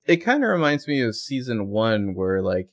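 A man's voice: fairly low pitch, very animated, normal speed. A man co-hosting a podcast, musing about a TV episode and asking lots of questions in casual chat. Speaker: podcast co-host.

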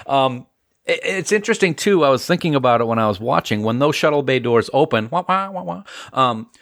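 A man's voice: medium pitch, lively intonation, a little fast, gravelly, fairly bright tone, no echo, clean studio sound. A man co-hosting a podcast, chatting casually and jokingly about a sci-fi episode. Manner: playful, jokey, makes silly sound effects. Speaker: podcast co-host. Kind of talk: casual chat and read sponsor ad.

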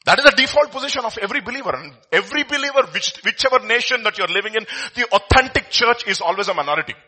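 Husky, bright-voiced preacher. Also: male voice, sits high, very fast. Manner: expressive preaching with rhetorical questions, voice rising and dropping sharply; reads scripture aloud. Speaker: pastor. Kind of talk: sermon.

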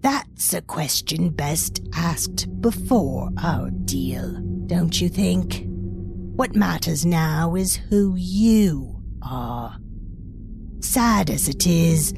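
A man doing a slow, creaky old crone. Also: fairly high pitch, voice pushed up, heavily acted. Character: sly old crone, sweet-scented, knowing.

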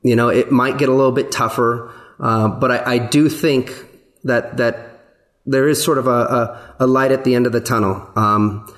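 A man with an ordinary mid-range voice speaks earnestly on a podcast, choosing his words slowly. He fills pauses with ums and repeats words as he goes. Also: medium pitch, fairly even intonation, fairly bright tone. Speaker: executive producer of the podcast. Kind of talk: casual podcast discussion.

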